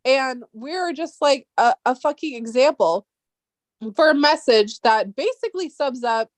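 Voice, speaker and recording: A woman's voice: high voice, expressive, measured pace, no room sound. A woman vlogger ranting casually and heatedly, swearing often and rambling with restarts.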